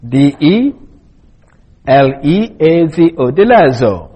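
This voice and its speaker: A male Bible teacher giving a deliberate expository lesson and spelling out Greek words letter by letter. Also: on the high side, very animated, mellow, husky, poor audio.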